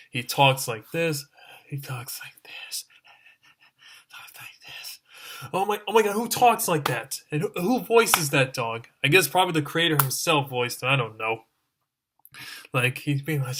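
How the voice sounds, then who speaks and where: A man's voice: mid-range voice, bright, forceful tone. A man giving a ranting review as an online reviewer, exasperated and exclaiming over and over.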